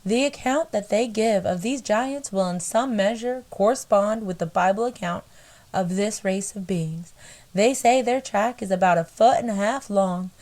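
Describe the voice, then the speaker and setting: A woman voicing a male missionary reverend reading his letter, in a put-on American country drawl, slow and deliberate. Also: mid-range voice, a little mellow, natural voice. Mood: earnest.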